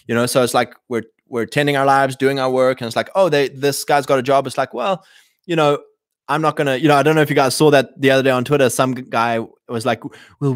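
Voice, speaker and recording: A man in a casual rambling monologue, clearing his throat often and acting out quoted voices. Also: medium pitch, no echo, clean studio sound. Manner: frequent throat clearing and restarts.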